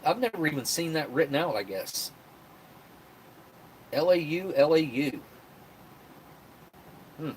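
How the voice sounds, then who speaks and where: Hosting a live stream, a West Virginia man with a medium-pitched, expressive voice rambles chattily and reads viewer comments aloud. He talks a little slowly, leaves long pauses, and there's slight background noise.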